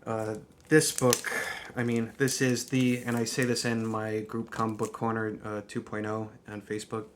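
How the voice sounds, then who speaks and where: A man chatting casually in a vlog, talking warmly, restarting his sentences and laughing often. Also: fairly low pitch, level tone, normal speed, background noise. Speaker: comic book vlogger. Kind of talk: casual chat.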